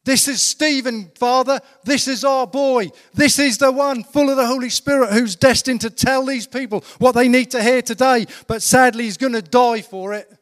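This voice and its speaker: Jesus, voiced by a preacher, earnest and protective. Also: male voice, very high-pitched, normal speed, hardly any pauses, a bit bright, pitched above the performer's own voice. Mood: tender pleading. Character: Jesus, a devoted man pleading fondly for a follower. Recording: long reverb of a church hall.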